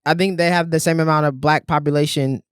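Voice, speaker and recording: High-voiced joking man on a podcast. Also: steady tone, fast, clear, resonant tone, dry recording, studio quality. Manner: joking storyteller, acts out quotes, laughs often. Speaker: podcast co-host. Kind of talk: casual chat.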